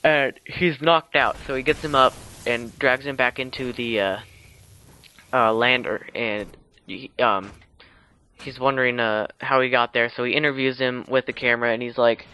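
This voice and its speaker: A man's voice: mid-range voice, steady tone, normal speed, bright, forceful tone, low-quality recording. A man casually retelling a film's plot for a video, rambling with lots of fillers and restarts, with teasing asides. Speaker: video blogger.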